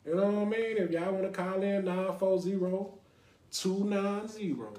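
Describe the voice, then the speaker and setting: A young adult man from Dallas, Texas, hosts a loose, casual podcast, rambling from thought to thought and checking in with "you know what I mean". His voice sits a little high for a man, and the room gives it a noticeable echo. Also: moderate pace, mellow. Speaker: podcast host. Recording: roomy echo.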